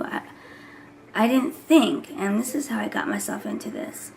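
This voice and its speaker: Mujer charlatana con voz algo rasposa. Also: female voice, medium pitch, huge pitch swings, moderate pace, darkish tone. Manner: chatty, rambling, drops into whispers. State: voice recovering from hoarseness. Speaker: vlogger and mother. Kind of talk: casual chat to camera.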